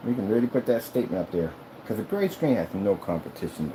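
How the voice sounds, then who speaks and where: A man's voice: on the low side, big pitch swings, fast, background noise. A man who makes screens and rants while he works, talking in a boastful, rambling, mocking way. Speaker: screen maker. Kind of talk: ranting vlog while working.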